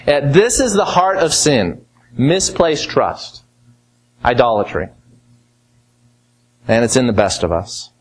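A man's voice: mid-range voice, sing-song, measured pace, long pauses, rough recording. Man preaching, rhetorical questions. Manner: teaching, asks rhetorical questions. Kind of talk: expository sermon.

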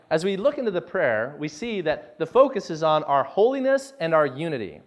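A man preaching a sermon as pastor, earnest and deliberate, stressing key words. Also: a little high. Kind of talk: sermon with scripture reading.

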